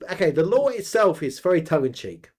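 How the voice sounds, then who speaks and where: A man with a northern English accent, co-hosting a casual chat with animated, jokey banter. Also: high voice, brisk, husky. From England. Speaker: co-host.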